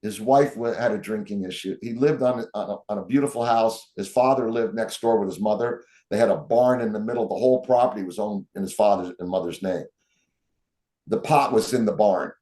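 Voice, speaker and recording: A man's voice: on the low side, fairly quick. A man telling stories as an interview guest, acting out the quotes of the people in them. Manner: animated storyteller, acts out quotes. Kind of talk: storytelling interview.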